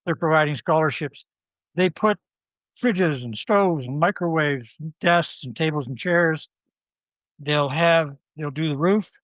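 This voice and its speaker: A man, the guest in an interview, telling lively anecdotes and acting out the people he quotes. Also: on the high side, unhurried, no echo, poor audio. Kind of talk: storytelling interview.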